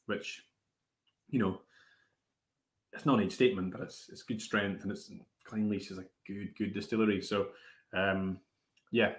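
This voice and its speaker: Low-voiced man hosting a whisky tasting. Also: normal speed, long pauses. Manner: relaxed, chatty, many fillers. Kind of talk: casual live tasting chat. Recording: roomy echo.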